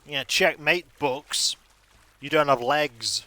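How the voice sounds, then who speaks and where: A man's voice: a little high, slow pace, sharp tone. A man streaming a video game, rambling through jokey, self-mocking asides. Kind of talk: casual gaming stream commentary.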